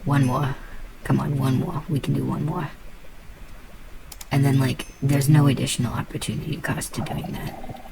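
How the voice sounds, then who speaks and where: A woman's voice: rumbling low, little pitch movement, moderate pace, creaky, long pauses, heavy background noise. A woman casually talking through her gameplay, playful and muttering to herself, swearing now and then. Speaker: gamer.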